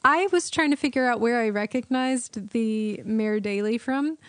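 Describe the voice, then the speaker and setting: A woman co-hosts a film podcast in a chatty, curious way, often asking questions and laughing readily. Her voice sits a little high for a woman. The recording is dry and close, with no echo. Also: normal speed. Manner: chatty, puzzled, asks questions, laughs easily. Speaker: podcast co-host. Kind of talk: casual film discussion.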